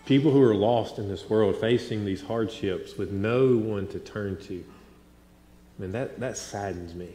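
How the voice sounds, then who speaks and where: A man in his thirties preaching a sermon, telling stories with animated swings between loud and hushed delivery. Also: lowish voice, unhurried. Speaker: pastor. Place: large church sanctuary. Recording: echoey hall with long reverb.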